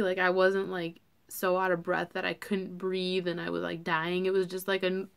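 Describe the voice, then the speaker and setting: A woman's voice: fairly low pitch, completely flat delivery, moderate pace, vocal fry, smooth. Chatty young woman vlogging. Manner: chatty, full of fillers and "like". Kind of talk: casual chat to camera.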